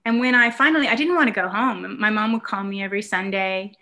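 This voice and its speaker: A woman's voice: medium pitch, fast talker, pushed and bright. A woman casually telling a reflective childhood story in conversation, with fillers and restarts, from the United States.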